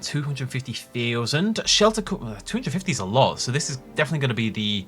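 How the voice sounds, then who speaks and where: A man's voice: medium pitch, lively intonation, fast talker, few pauses, fairly bright tone, soft background music. A man giving enthusiastic, jokey commentary on his own gameplay as a gaming video host. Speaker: gaming YouTuber.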